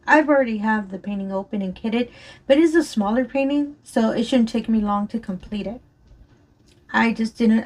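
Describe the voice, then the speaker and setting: A woman chatting casually and rambling while she works on a craft, her voice a little strained from allergies, often apologizing and laughing. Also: medium pitch. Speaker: crafting vlogger. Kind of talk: casual chat while diamond painting.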